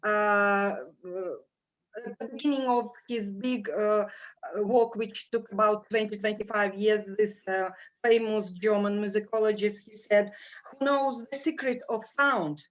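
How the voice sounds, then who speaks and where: Slow halting woman, strong Russian accent. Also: mid-range voice, steady tone. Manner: slow, halting, many fillers. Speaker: panel guest. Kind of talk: video call panel chat. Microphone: video call. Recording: dull lo-fi video call audio.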